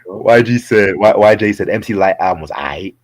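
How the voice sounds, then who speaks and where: A man co-hosting a casual talk show, animated and incredulous, laughing often between remarks. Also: fairly low pitch, moderate pace. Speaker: podcast co-host. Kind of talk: casual chat.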